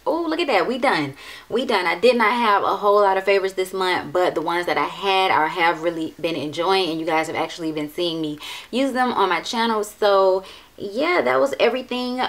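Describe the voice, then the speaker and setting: A woman's voice: fairly low pitch, fairly quick, fairly bright tone. A young adult woman beauty vlogger chatting casually through her monthly favorites, emphatic, repeating phrases and swearing freely.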